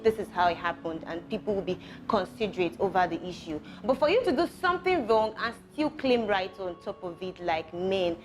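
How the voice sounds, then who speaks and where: A woman, a pageant contestant, calmly criticizing another contestant's behavior in a reality show confessional. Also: mid-range voice. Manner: measured, disapproving commentary.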